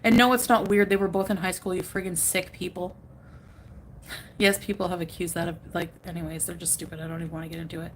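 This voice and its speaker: A woman's voice: on the low side, level tone, quick pace, a little hiss or hum. Chatty woman streaming live from home. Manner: rambling, chatty, reacts to chat, laughs often. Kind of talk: casual live-stream chat.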